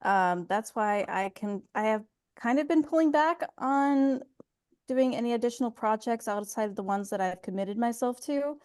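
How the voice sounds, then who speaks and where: A woman's voice: fairly high pitch, normal speed, a little mellow, smooth. A young adult woman voice actor being interviewed, talking casually and candidly and laughing easily. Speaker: voice actor guest.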